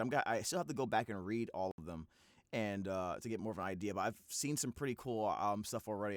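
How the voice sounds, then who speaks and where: A man's voice: on the low side, no echo, studio quality. A man hosting a reaction video in casual, rambling talk full of fillers and restarts.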